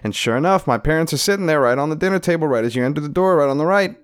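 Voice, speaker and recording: Animated, profane man telling a story. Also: on the high side, very fast, clean tone. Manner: animated, profane, laughs often. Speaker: comedian. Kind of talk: comedic storytelling.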